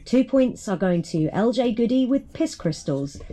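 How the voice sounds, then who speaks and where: A woman's voice: fairly high pitch, expressive, moderate pace, dark tone, soft background music. A woman comedian reading out her votes in a dry, mock-gushing way. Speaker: comedian and streamer.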